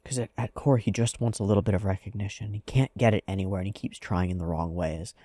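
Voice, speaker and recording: A man's voice: on the low side, fast talker, warm tone, no echo. A man hosting an anime reaction, talking through a character's psychology in a thoughtful, analytical way with frequent "like"s. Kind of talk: casual reflective commentary.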